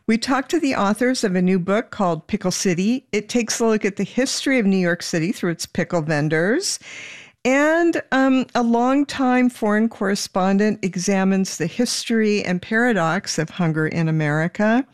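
A woman's voice: medium pitch, lively intonation, normal speed, dry recording. Chatty woman food host, dry studio sound. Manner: chatty, enthusiastic about food. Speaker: food radio host, guest. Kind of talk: casual radio chat.

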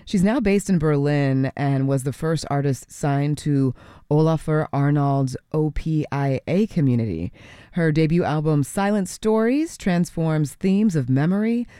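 A woman's voice: low voice, unhurried, dark tone, smooth, dry recording, clean studio sound. A woman radio host chatting through a pledge drive and introducing music in a friendly, conversational way. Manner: friendly, self-correcting, conversational. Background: faint music.

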